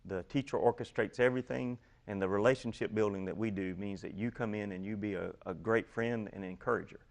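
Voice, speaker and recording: Appearing as a guest on a talk show, a man explains his ministry program in an earnest, steady way, often repeating key phrases. His voice is lowish and he speaks fairly quickly.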